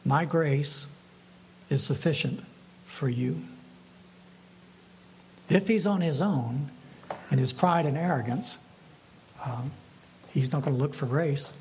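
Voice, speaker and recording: Man preaching a measured sermon. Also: on the high side, expressive, slight background noise, poor audio. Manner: measured preaching with rhetorical questions. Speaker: pastor.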